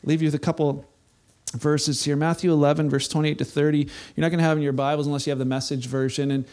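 A middle-aged male pastor preaching a sermon, earnest, rising to impassioned peaks and then dropping soft and low. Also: little pitch movement, fast talker.

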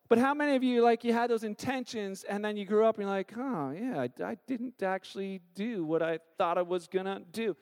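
A man in his thirties preaching a sermon as a pastor, telling stories with animated acted-out quotes. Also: high-pitched, fairly quick, hardly any pauses, smooth. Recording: long hall reverb.

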